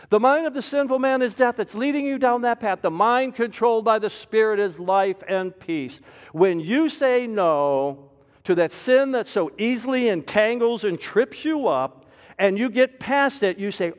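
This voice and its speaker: A man preaching a sermon as pastor, with a dynamic delivery that swings from loud emphasis to soft, low asides. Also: lively intonation, normal speed. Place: church sanctuary. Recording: reverberant church hall.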